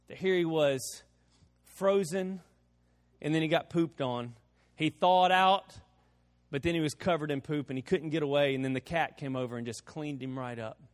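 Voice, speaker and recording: A man preaching a sermon, telling a homespun story with repeated words and slow, drawn-out emphasis. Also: a little high, big-room sound. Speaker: pastor.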